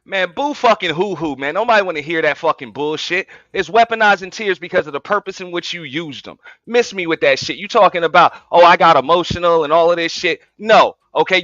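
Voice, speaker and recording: High-voiced man, profane and taunting. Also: pushed and bright, no echo, highs cut off. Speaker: panel participant. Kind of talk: heated online debate. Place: online audio space.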